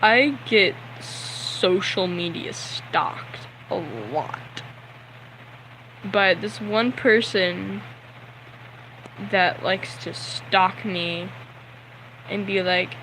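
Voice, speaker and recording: A man's voice: high voice, sharp tone, a little hiss or hum, low-quality recording. A young man telling a story on a livestream, nervous and sweaty, talking in a rambling way full of "like" and acting out the people in his story.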